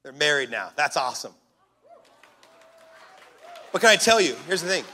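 A man's voice: fairly high pitch, big pitch swings, moderate pace, pushed and bright. A man preaching a sermon as a pastor, in an impassioned, punchy way.

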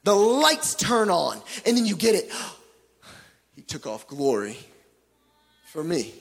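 A high, lively-voiced man preaches with deliberate, unhurried delivery. He swings from loud pleading to near-hushed moments and drops in joking asides. His voice rings with long reverb through a big hall. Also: creaky. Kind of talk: sermon.

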